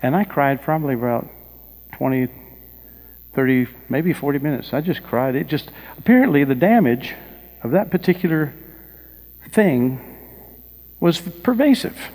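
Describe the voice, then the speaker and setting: A male pastor delivers a sermon, sharing personal stories with rising emphasis and putting questions to the congregation. His voice sits fairly high, with lively intonation, an unhurried pace, long pauses, and a slightly mellow quality. The recording carries the long reverb of a large hall.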